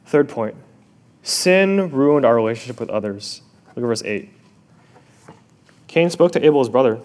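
A male pastor preaching a sermon, expressive, dropping to a hush and rising again, asking the listeners questions directly. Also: mid-range voice, moderate pace. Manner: expressive, swings from loud to hushed.

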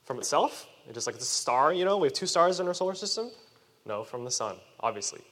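Youth preacher, male, energetic sermon to children, lots of pitch movement, reverberant hall. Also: quick pace. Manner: animated, questions the audience.

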